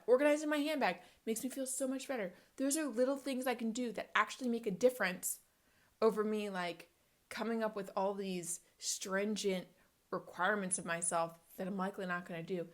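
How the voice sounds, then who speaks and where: A woman in her thirties talks to her viewers in a casual, upbeat way. Her speech rambles and jumps between thoughts. It sounds like a relaxed home vlog. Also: mid-range voice. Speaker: vlogger. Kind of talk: casual talk to camera.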